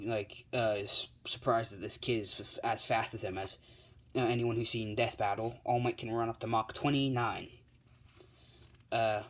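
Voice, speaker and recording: A man's voice: lowish voice, low-quality recording. A man telling an improvised fan story in a casual, rambling way with many fillers.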